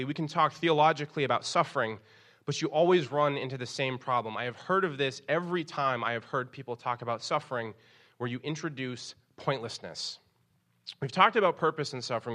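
Bright-voiced young man preaching animatedly. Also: medium pitch. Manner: animated, acts out quotes in raised voices. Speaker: pastor. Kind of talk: sermon.

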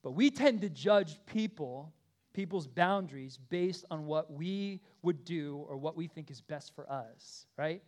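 A pastor in his thirties delivers a sermon with a voice sitting a little high for a man. He talks to the congregation like a conversation, tagging points with quick check-ins. Some pleas ring out loud and insistent, while asides fall soft and low. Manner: earnest, conversational with frequent "okay?" and "right?" check-ins; swings between loud emphatic pleas and quiet asides.

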